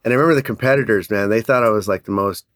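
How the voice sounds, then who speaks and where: Energetic storytelling man, low voice. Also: very fast, no room sound, clean studio sound. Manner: energetic, animated, laughs often. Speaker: guest telling a business story. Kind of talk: casual storytelling.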